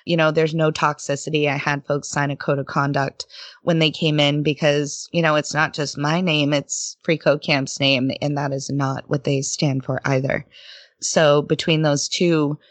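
Low-voiced woman telling lively stories. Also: no echo. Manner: animated storyteller, laughs often, mimics people in quoted voices. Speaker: podcast guest. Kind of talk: casual interview conversation.

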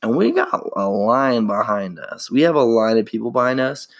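A young man chats alone on his podcast with an upbeat, slangy ramble. His voice has a gravelly fry at mid pitch. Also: expressive, moderate pace. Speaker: podcast host. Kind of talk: casual solo podcast chat.

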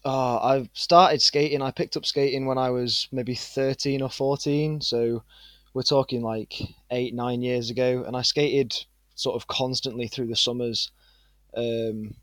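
A man in his twenties with a northern English accent, a guest chatting in a relaxed, rambling way with plenty of fillers. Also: mid-range voice, measured pace, no room sound. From England. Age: 20s. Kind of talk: casual interview chat.

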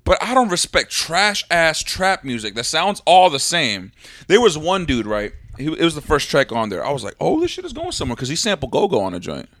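A loud, brash man, casually boasting and swearing as a podcast co-host. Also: a little high, big pitch swings, moderate pace, dry recording. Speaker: podcast co-host and beat producer.

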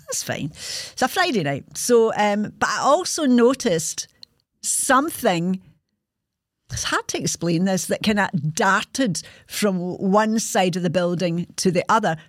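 A woman's voice: mid-range voice, no room sound. A woman in her sixties with a Scottish accent, hosting a podcast and telling a personal story in a frank, earthy way, swearing freely. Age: 60s. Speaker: podcast host.

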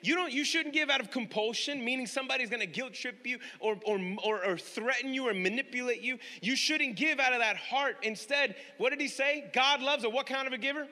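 A man preaching a sermon with a high, very bright voice that carries a long reverb, as if from a large hall. He hammers his points by repeating them and keeps asking the congregation questions. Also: brisk, hardly any pauses. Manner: emphatic, repeats key phrases, questions the congregation directly. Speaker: pastor.

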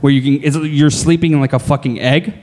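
A man with a slightly higher voice, chatting loosely on a podcast and swearing freely. He cracks jokes and laughs a lot as he talks, relaxed and unfiltered. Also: fairly quick. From Canada. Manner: crude, jokey, laughs often. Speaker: podcast co-host. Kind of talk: casual chat.

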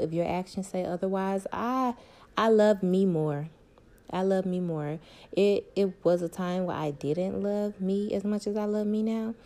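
A woman's voice: medium pitch, mellow. A young woman, talking candidly and emphatically to her viewers about her love life and self-worth, repeating points for stress. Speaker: vlogger.

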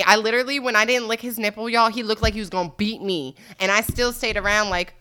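A woman's voice: on the high side, steady tone, quick pace, sharp tone, clean tone, no echo, clean studio sound. A young woman vlogging alone, telling a candid, crude story full of swearing and laughter.

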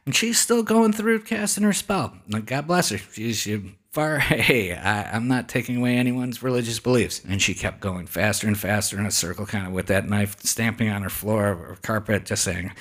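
A man hosting a podcast, telling a story in animated, casual fashion with frequent swearing. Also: on the low side, moderate pace, hardly any pauses. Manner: animated, swears freely, hushes for quoted whispers. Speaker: podcast host.

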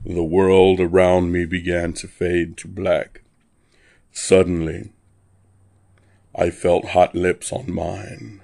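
A man narrating a dark first-person story in a wry, deadpan way. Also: low-pitched, takes it slowly, creaky, long pauses, no room sound, clean studio sound.

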